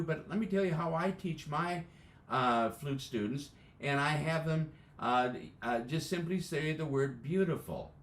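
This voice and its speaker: An American man teaching beginning band embouchure over a live video call, explaining step by step with plenty of "uh"s. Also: on the high side. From United States. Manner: methodical, explaining step by step with frequent fillers. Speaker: band music educator. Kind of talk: instructional demonstration. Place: indoors, joining live by video. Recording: echoey room.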